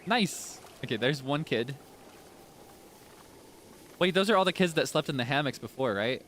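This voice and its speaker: A man streaming a game, chatting softly and thinking aloud as he plays. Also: medium pitch, animated, moderate pace, slight background noise. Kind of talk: casual game commentary.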